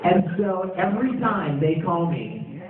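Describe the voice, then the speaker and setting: Man on a convention panel, animated storyteller, slightly high voice, tinny and far off in a roomy hall with crowd noise. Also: a little slow. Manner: animated storyteller acting out quotes and yells. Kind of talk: telling stories to a convention audience.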